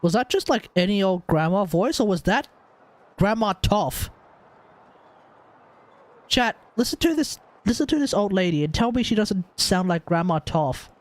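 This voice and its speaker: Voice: medium pitch, animated, moderate pace, long pauses. An Australian streamer casually joking with chat while playing through a game story. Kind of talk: live game commentary.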